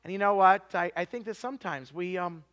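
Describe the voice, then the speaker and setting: A man in his forties preaching a sermon, telling stories with lots of restarts and sometimes dropping to a hushed, confessional tone. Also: sits high, fairly quick. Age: 40s. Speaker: pastor.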